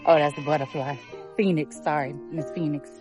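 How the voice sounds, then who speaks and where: A woman's voice: deep voice, steady tone, fairly quick, darkish tone. A woman vlogging live on a phone as she walks an outdoor trail at a charity event. She is a little out of breath and chats in a rambling way, with many fillers. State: out of breath while walking. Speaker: vlogger filming a live stream. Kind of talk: casual live-stream commentary. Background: live music.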